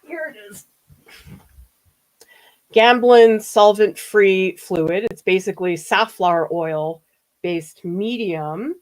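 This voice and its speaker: A woman's voice: mid-range voice, takes it slowly, pauses often. Chatty woman art professor, laughing often. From US East Coast. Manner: chatty, laughs often, reads viewer comments aloud. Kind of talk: livestream painting demo, chatting with viewers.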